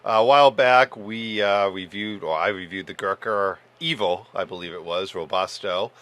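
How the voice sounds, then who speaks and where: Low guy w a sharp bright voice cohosting, easygoing, says um a lot. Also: normal speed. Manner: easygoing, hesitant with fillers. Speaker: podcast co-host. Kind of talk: casual chat.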